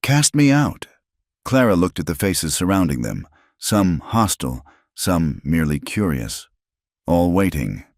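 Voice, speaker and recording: A man reading a frontier story as scripted narration in a slow, measured way. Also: sits low, big pitch swings, no room sound, clean studio sound.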